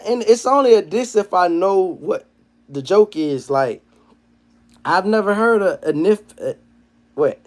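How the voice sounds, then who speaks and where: A man chatting on a livestream, reading comments and firing back at them in slangy, profane banter. His voice sits a little high for a man. It drops to low mumbles, then jumps into loud, heated rants. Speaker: livestream host.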